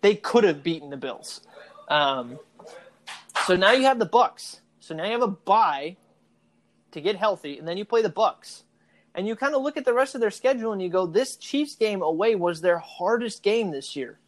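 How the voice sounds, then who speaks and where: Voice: mid-range voice, normal speed. Chatty football-talk host. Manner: chatty, animated, argues points at length. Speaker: podcast co-host. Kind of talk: casual sports talk.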